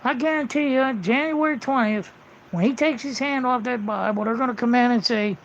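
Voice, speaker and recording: A man's voice: extremely high pitch, moderate pace, slight background noise. A man livestreaming a casual, rambling monologue, blunt and full of swearing, on muffled lo-fi audio.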